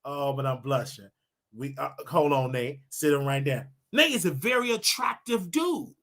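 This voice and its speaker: A man hosting his own livestream show, talking casually in a preachy, animated way with laughing asides. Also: fairly high pitch, normal speed.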